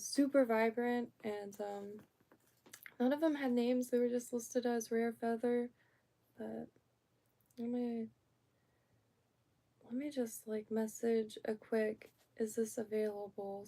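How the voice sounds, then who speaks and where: A woman streamer from Florida chats in a slow, unhurried way, her voice mellow and soft. She rambles, trails off and starts over, sitting a little high in pitch. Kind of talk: casual live-stream chat.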